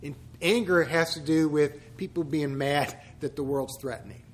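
A man's voice: fairly high pitch, fairly even intonation, moderate pace. A man, a pastor, giving a conversational church teaching full of humorous asides and rhetorical questions.

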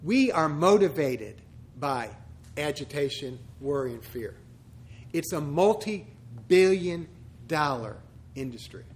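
A pastor with a notably high voice leads a chatty church teaching. He peppers it with joking asides and rhetorical questions. The man talks like he is with friends rather than preaching from on high. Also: animated, takes it slowly.

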